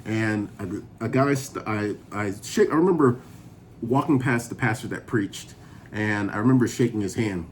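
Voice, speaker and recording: A man telling his personal testimony in a relaxed, chatty way, often laughing as he goes. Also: fairly low pitch, normal speed, a little hiss or hum. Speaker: vlogger sharing a sobriety testimony. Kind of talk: casual personal storytelling.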